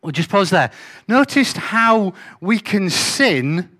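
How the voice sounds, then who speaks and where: A man gives a sermon in a high voice. He speaks in a conversational, emphatic way and often throws rhetorical questions at the congregation. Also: big pitch swings, slow pace, pushed and bright. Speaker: pastor.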